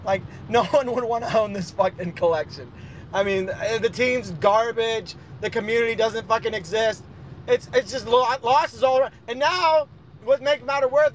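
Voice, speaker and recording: A man's voice: very high-pitched, slight background noise. A man boasting and ranting profanely in a casual chat. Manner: brash, boastful, rambling rants.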